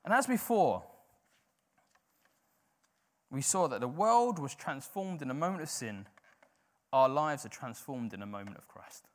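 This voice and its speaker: A man's voice: mid-range voice, expressive, a little slow, long pauses. A man preaching a sermon in an informal, conversational way, often filling with "like".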